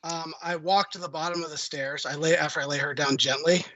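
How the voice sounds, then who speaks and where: Bright-voiced man playing a tabletop game. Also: a little high, fairly even intonation, fairly quick, no echo, rough recording. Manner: earnest, describes actions in character. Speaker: player. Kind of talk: tabletop role-play chat.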